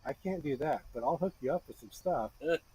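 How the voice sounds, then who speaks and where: A man in his thirties telling a lively story to a friend in a workshop, acting out the voices of the people in it. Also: on the high side, fairly quick, a little hiss or hum, poor audio. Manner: animated, acts out voices in his stories. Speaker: blacksmith teaching a friend. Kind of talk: casual storytelling. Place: forge workshop.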